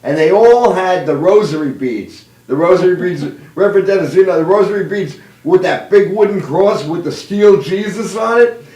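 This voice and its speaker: A chatty male comedy host in his fifties tells jokes and family stories with a fairly high voice. He laughs at his own lines. The sound is roomy and picked up from a distance. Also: animated, moderate pace, darkish tone. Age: 50s. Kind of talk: stand-up joke telling. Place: live streamed show room. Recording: roomy, away from mic.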